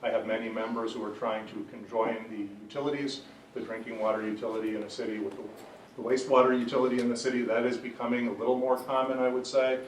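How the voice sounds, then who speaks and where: Animated man on a conference panel. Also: mid-range voice, fast, slight background noise. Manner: animated, laughing, frequent "right?" tags. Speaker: panelist, association executive. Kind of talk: panel discussion with a joke. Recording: roomy, distant mic, faint ambience.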